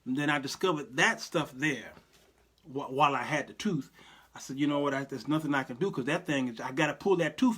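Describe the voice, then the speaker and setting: A man hosting his own show in a casual, preacherly monologue, folksy and quick to laugh. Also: medium pitch, a bit bright, slightly rough. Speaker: show host.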